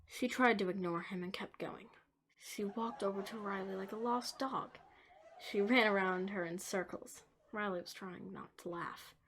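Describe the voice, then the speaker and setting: A woman tells a dark tale in an amateur story video, her voice mid-pitched and ordinary. She often sinks into whispers, then lands hard on key words, over a faint hiss. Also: moderate pace. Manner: dramatic, shifting between whispers and emphasis. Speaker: narrator. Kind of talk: storytelling narration.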